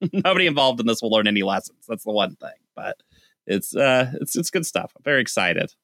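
A man's voice: mid-range voice, big pitch swings, brisk, a bit bright, no echo, studio quality. A man co-hosting a casual political podcast, sardonic and laughing often, with lots of filler words. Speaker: podcast co-host.

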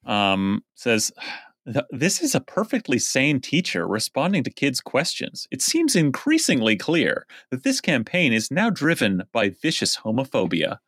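A man co-hosting a casual political podcast, dry and deadpan, hesitant with fillers when reading a quote. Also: mid-range voice, measured pace, husky, no room sound. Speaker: podcast co-host.

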